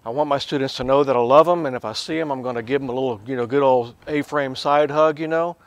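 A professor teaches a lively Bible lesson, swinging between quiet asides and loud, emphatic bursts. He talks fast at a medium pitch, in a dry recording.

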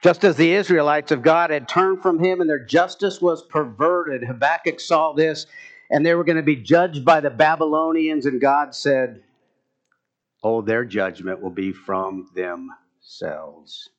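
A man's voice: on the high side, moderate pace. A man preaching a sermon, building to emphatic bursts as he retells scripture stories. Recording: muffled, dull lo-fi sound.

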